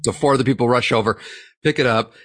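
A man on a podcast mic, spinning a profane, animated story for his co-hosts. His voice sits at an ordinary middle pitch, and the room adds almost no reflection, so he sounds close and dry. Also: quick pace, no room sound. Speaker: podcast co-host. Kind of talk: casual storytelling among friends.

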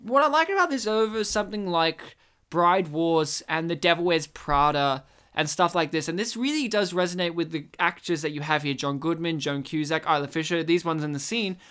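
A woman's voice: low voice, moderate pace, clean tone. Rambling woman chatting about a film. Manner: rambling, animated storytelling, acts out quotes. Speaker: movie commentary co-host. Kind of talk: casual chat.

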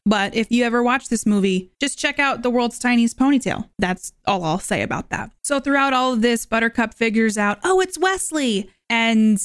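Chatty woman with a higher voice. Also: clean tone, no echo, clean studio sound. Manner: chatty, wry, quick asides. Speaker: podcast host. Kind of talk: casual movie reaction monologue.

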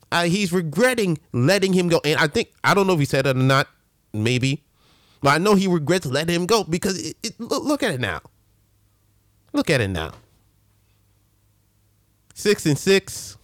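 A man hosting a casual sports rant, animated and full of slang and restarts. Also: high voice, no room sound, studio quality. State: a little winded. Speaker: sports show host.

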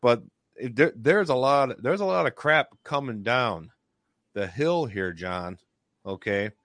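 A man's voice: medium pitch, lively intonation, slow, a bit bright, no room sound. A man hosting a casual discussion, making emphatic points and stopping often to say "okay".

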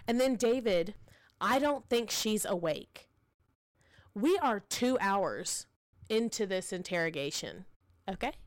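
A woman in her thirties, a mother who co-hosts a podcast, tells a story in casual chat, animatedly acting out the lines she quotes. Her voice is medium in pitch with no room sound.

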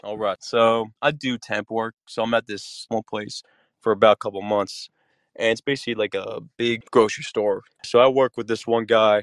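A man's voice: lowish voice, moderate pace, dry recording. Man telling a work story, dry close sound. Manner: storytelling, animated retelling with curses. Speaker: podcast co-host. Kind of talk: casual chat.

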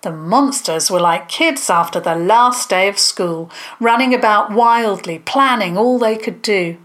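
Slow, calm storyteller woman. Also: mid-range voice. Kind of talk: scripted narration for children.

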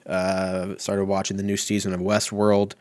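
Low-voiced man rambling profanely at home. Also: monotone, a little slow, a little mellow, dry recording, clean studio sound. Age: 30s. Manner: profane, rambling and self-mocking. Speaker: podcast host. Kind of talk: casual solo podcast rambling.

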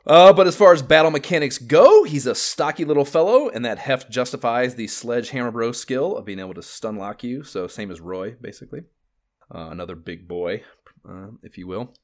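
A man co-hosting a casual podcast chat, animated and profane, rambling as he talks. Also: medium pitch, fairly quick. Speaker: podcast co-host.

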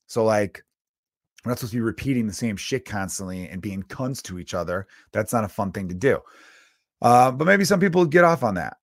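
A man's voice: fairly low pitch, no room sound, clean studio sound. A comedian in his thirties from Chicago hosting his podcast, ranting in a profane, exasperated way and mocking people in sarcastic voices. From Chicago, United States.

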